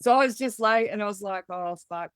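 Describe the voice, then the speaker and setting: A woman's voice: medium pitch, a little fast, smooth, no echo. A middle-aged woman with an Australian accent, a podcast guest telling her story candidly and bluntly, swearing freely and acting out the voices of others.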